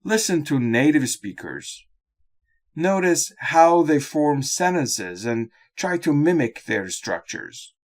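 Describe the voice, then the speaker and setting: A man delivers a scripted lesson narration in a measured, instructional manner. He speaks slowly, and his pitch moves a lot from phrase to phrase. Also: sing-song. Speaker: exam-prep teacher.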